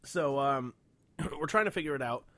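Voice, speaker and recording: A man's voice: on the high side, normal speed, sharp tone, no echo. A man co-hosting a podcast, telling long rambling stories in casual chat, swearing freely and filling gaps with "like" and "whatnot". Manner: rambling storyteller, swears a lot, many fillers. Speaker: podcast co-host.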